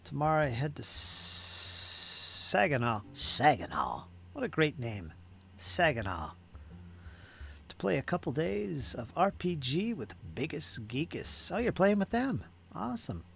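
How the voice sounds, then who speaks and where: A man's voice: fairly high pitch, sing-song, measured pace, gravelly, fairly bright tone, a little hiss or hum. A man hosting a miniature painting stream, chatting casually and musing aloud as he reads viewer comments and repeats words to himself. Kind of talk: casual chat while painting and reading viewer chat.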